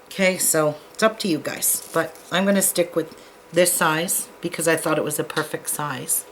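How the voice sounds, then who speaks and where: A woman's voice: low voice, moderate pace, slight background noise, rough recording. A woman hosting a casual beading tutorial, chatting to viewers and joking at herself while she sorts beads. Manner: chatty, self-deprecating, talks to viewers while working.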